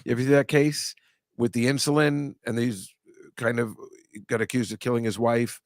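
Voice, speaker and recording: Man, comedy talk show host, rambling, chatty, mid pitch, dry close sound. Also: fairly even intonation, normal speed, dry recording. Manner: rambling, chatty, self-interrupting with laughs. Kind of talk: casual chat.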